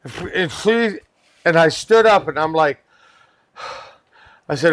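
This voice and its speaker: A man with a high, bouncing voice tells a wild work story, swearing freely and breaking into laughter. His pitch swings all over. The sound is close and dry, with no room around it. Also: animated, takes it slowly, pauses often, fairly bright tone, dry recording. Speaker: podcast guest; pest control worker. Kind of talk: animated storytelling.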